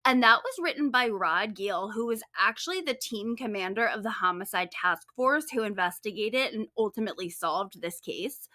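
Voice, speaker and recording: A woman's voice: mid-range voice, expressive, moderate pace, few pauses, pushed and bright, no room sound, studio quality. A woman co-hosting a true-crime podcast, telling the case in upbeat, chatty style with casual swearing. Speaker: podcast co-host and case writer.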